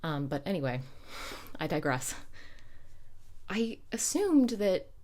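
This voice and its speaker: Low-voiced woman chatting casually. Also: very animated, takes it slowly, a little mellow. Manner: chatty, digressive, self-correcting. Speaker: knitting podcast host. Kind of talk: casual chat.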